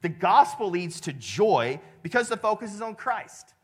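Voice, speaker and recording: A man's voice: high voice, very animated, unhurried, breathy edge. A man, preaching a conversational sermon and often checking in with the congregation. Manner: conversational, with many restarts and "right?" checks. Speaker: pastor.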